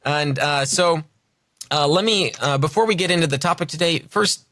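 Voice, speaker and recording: A man's voice: a little high, moderate pace, bright, forceful tone, dry recording. Guy hosting a podcast, lots of ums, friendly, dry close mic. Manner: friendly, hesitant, many fillers. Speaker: podcast host. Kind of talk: podcast interview.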